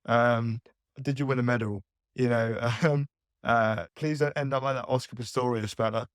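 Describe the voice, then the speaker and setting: A man giving thoughtful, conversational answers as a podcast guest, pausing to find his words. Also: medium pitch, steady tone, smooth, no echo, clean studio sound. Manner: thoughtful, with frequent fillers and restarts.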